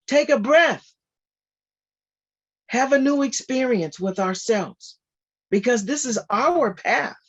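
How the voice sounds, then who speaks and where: With lo-fi audio from a video call, a mid-range-voiced guest speaker delivers a casual spiritual talk, repeating points animatedly and breaking into laughter often.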